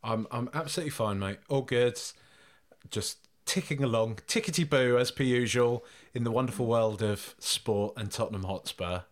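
A man's voice: medium pitch, normal speed. A British man co-hosting a podcast, teasing his friend in casual banter. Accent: British English. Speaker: podcast co-host. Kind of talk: casual chat.

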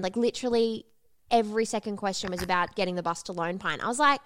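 A young woman talks brashly on a podcast, swearing freely and leaping high in pitch for comic effect. Her voice is recorded close and dry. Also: fast talker, no echo. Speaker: podcast co-host. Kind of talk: casual chat.

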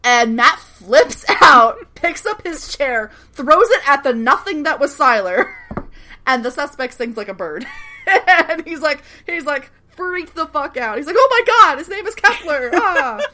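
A woman co-hosting a podcast, recapping a TV show in casual chat, animated and laughing, acting out characters' lines. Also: sits high, a little slow, a little hiss or hum.

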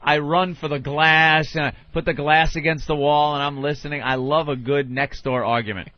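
A man's voice: a little high, steady tone, moderate pace, dry recording, lo-fi sound. A man co-hosting a radio talk show, telling stories with a wry, sardonic edge. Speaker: radio co-host.

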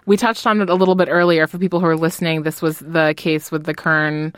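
A woman interviewer asking measured, carefully framed questions. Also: low-pitched, little pitch movement, clear, resonant tone, dry recording, studio quality. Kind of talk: podcast-style interview.

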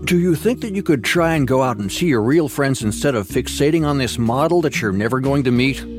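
A woman playing a patient male therapist in a storybook tale, speaking low and coaxing with a lively rise and fall. Music is clearly heard behind. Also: a little fast.

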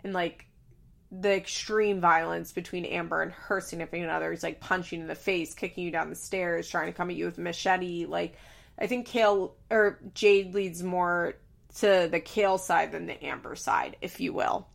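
Woman podcast host, gravelly creaky voice, chatty and sarcastic, swears casually. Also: lowish voice, fairly even intonation, normal speed. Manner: chatty, profane, sarcastic asides. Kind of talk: casual recap chat.

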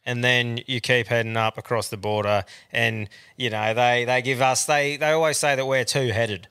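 Australian male podcast host, bright tone, crude rambling banter. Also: medium pitch, steady tone, normal speed, smooth. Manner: swears freely, rambling.

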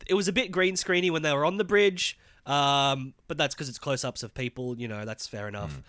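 A man's voice: mid-range voice, a little fast, a bit bright, dry recording, clean studio sound. A man co-hosting a casual podcast, chatting about a TV episode with swearing and lots of agreeing. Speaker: podcast co-host. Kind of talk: casual TV recap chat.

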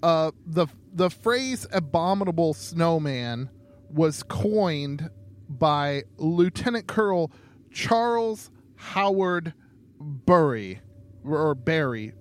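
A man co-hosting a casual podcast, talking in a halting way with many ums and restarts. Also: a little high, animated. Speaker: podcast co-host.

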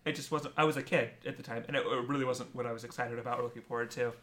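A person talking through a confession in a casual chat, hesitant and full of fillers and restarts. The voice is bright and crisp at a middling pitch. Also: steady tone, racing. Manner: hesitant, many fillers and self-corrections.

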